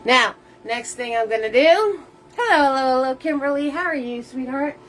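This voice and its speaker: A woman's voice: sits high, moderate pace, soft background music, poor audio. Bubbly woman teaching a live painting class. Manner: bubbly, greets viewers by name with pet names, laughs often; playful made-up words. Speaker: painting instructor hosting a live paint party. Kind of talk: live-stream painting lesson.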